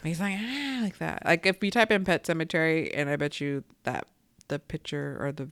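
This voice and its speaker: Smooth, dry-sounding man, chatty. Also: fairly high pitch, brisk, a bit bright, dry recording. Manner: hesitant, full of "like" and restarts. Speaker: podcast co-host. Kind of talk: casual chat about a film.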